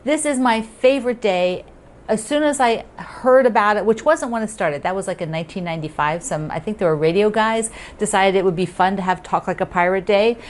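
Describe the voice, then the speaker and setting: A woman hosting a casual quilting tutorial, chatty and upbeat, with asides and quick self-corrections. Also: medium pitch. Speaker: quilting teacher and host.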